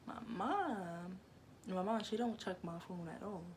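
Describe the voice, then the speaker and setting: A woman's voice: medium pitch, expressive, measured pace, a little hiss or hum. A young adult woman vlogger telling a storytime to camera in slangy, playful speech, teasing her viewers. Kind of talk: casual storytime monologue to camera.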